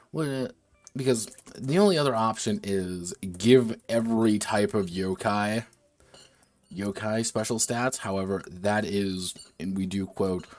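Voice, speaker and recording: A man streaming while designing a tabletop game, thinking aloud with restarts and self-corrections, a little slurred from drinking. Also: lowish voice. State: tipsy from drinking.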